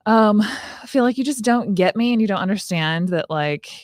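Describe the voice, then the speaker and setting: A woman's voice: medium pitch, animated, moderate pace, no echo, studio quality, voice pushed up, natural voice. A woman playing her teenage self, arguing with her father about curfew in a role-play. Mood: resentful. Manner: eye-rolling, pleading. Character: defiant teenage girl arguing with her dad.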